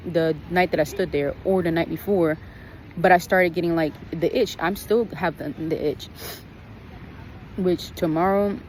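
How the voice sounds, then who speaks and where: A woman's voice: lowish voice, darkish tone, slight background noise, low-quality recording. A woman telling a story on her vlog in a casual, blunt, profane way, venting about her trip. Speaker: vlogger.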